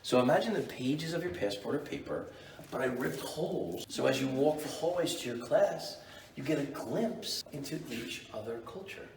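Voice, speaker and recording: A man leads a walking tour through indoor rooms, talking with bouncy, lively swings in pitch. He sounds enthusiastic and chatty, heard from a distance in a roomy, echoing space with faint ambience behind. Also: moderate pace, noisy background. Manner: enthusiastic, animated storyteller. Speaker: muralist giving a tour. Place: indoor building hallways and rooms. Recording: roomy echo, distant mic.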